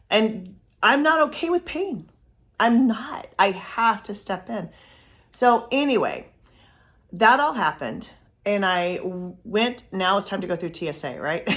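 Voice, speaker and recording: Earnest middle-aged woman, a little lower voice, motivational faith talk for moms, soft hushed asides. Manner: earnest storytelling, drops to a hush for tender moments. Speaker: host of a course for mothers.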